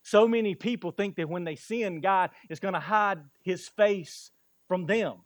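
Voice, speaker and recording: A man preaching a sermon as pastor, impassioned, his voice rising and falling with quick bursts. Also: high-pitched, no echo, clean studio sound.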